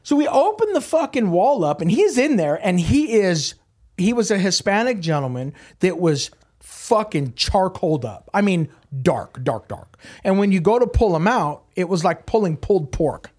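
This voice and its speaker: A man's voice: high-pitched, sing-song, normal speed, darkish tone. A man from Southern California, a crime scene cleaning business owner, telling blunt, profanity-laced stories as a podcast guest. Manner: profane, blunt, swears constantly. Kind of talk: casual podcast storytelling.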